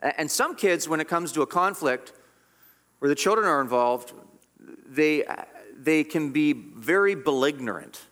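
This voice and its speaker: A man's voice: on the high side, lively intonation, measured pace, a bit bright. Earnest man preaching a sermon. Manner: earnest, emphatic preaching with repetitions and restarts. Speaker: pastor.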